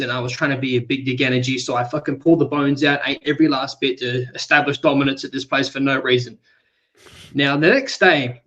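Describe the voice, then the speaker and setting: A man with an Australian accent, hosting a stream and telling a long, crude, animated story full of swearing. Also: mid-range voice, muffled recording. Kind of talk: casual chat, storytelling.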